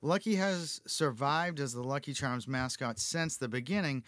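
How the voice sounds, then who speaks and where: A man's voice: mid-range voice, normal speed, a bit bright, no echo. A male podcast host casually reading cereal history from notes, cracking jokes and laughing often. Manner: jokey, laughs often, reads notes aloud.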